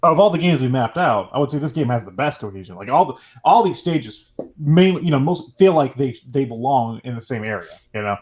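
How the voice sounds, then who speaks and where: A man's voice: medium pitch, animated, fairly quick, few pauses, a little mellow. A man co-hosting a gaming podcast, chatting casually with rambling restarts and fillers. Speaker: podcast co-host. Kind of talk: casual chat.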